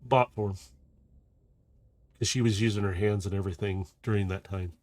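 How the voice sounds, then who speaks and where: A man narrating a tabletop game as game master, slow and descriptive with frequent restarts. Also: lowish voice, steady tone, darkish tone, no echo.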